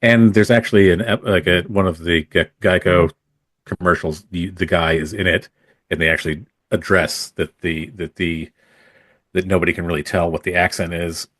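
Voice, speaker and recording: A podcast guest, once an actor and now a photographer, shares loose, rambling anecdotes about his acting days, stumbling through fillers and restarts. His low-pitched voice has a fairly bright tone, fairly even intonation, and a moderate pace, in a clean studio recording with no room sound.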